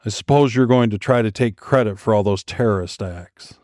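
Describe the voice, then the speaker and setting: A man's voice: lowish voice, normal speed, a little mellow, no echo, clean studio sound, lightly acted. A man doing a growling, indignant ex-FBI boss. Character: gruff angry former male FBI director, drunk.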